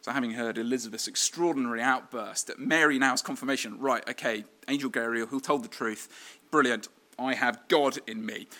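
A man's voice: a little high, pushed and bright. A man preaching a sermon in a conversational way, with fillers and restarts.

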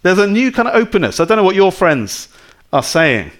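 A man delivers a sermon with a slightly high voice that swings widely up and down. He talks to his listeners in a chatty way and keeps asking them rhetorical questions. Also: very animated, brisk, a bit bright. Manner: conversational, full of rhetorical tag questions. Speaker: preacher.

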